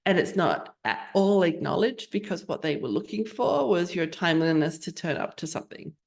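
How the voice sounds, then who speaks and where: A woman's voice: on the low side, expressive, moderate pace, gravelly, darkish tone. A woman hosting a podcast, talking reflectively and laying out questions one by one. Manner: reflective, lists questions thoughtfully. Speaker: podcast host and physician coach. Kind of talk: conversational podcast interview.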